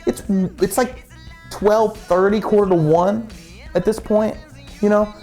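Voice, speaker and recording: Casual storyteller, rambling, stumbling over words, music faint behind. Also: male voice, high voice, steady tone, unhurried, darkish tone. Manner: rambling, many restarts and repeated words.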